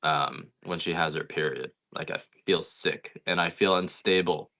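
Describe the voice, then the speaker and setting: A middle-aged man talks casually and bluntly on a livestream, wandering from one complaint to the next. His voice sits low in pitch yet has a tense, bright edge. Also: measured pace. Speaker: coffee farmer selling on a livestream.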